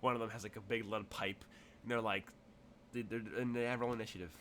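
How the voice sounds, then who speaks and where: A man's voice: on the low side, flat delivery, fast, a bit bright, a little hiss or hum. A man narrating a tabletop game as game master, rambling with many fillers and restarts.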